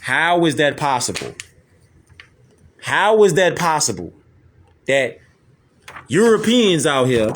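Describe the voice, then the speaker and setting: Host, male, slow emphatic commentary, swooping high voice, keeps pressing "see that?". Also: very animated, a bit bright, slight background noise. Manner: insistent, repetitive, keeps asking "see that?". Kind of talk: emphatic commentary over images and video.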